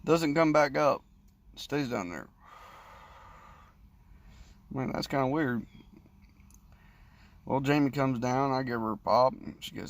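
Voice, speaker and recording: A man's voice: mid-range voice, measured pace, long pauses. A man casually telling a crude, rambling story, swearing often. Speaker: vlogger. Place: sitting, indoors or in a parked car.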